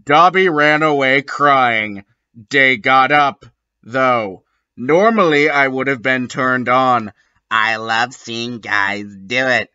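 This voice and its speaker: A man giving a comedic dramatic reading and breaking off for deadpan, sardonic asides. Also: medium pitch, slow pace, clear, resonant tone, highs cut off. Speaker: comedic reader.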